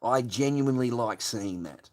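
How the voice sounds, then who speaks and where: A man's voice: mid-range voice, moderate pace, a little mellow. An older man hosting a late-night livestream, ranting crudely and swearing constantly. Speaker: livestream host.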